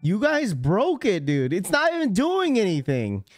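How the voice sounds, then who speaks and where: A man's voice: high-pitched, wildly swooping pitch, measured pace, dry recording, clean studio sound, faint music behind. A man hosting a live stream, talking casually and rambling to his chat. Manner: rambling, chatty, talks straight to chat. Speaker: livestream host.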